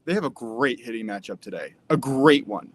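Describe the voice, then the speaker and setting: A man's voice: medium pitch, animated, a little hiss or hum. Man rattling off betting picks. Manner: quick, matter-of-fact pick rundown. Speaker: sports betting analyst. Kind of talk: casual live-stream chat.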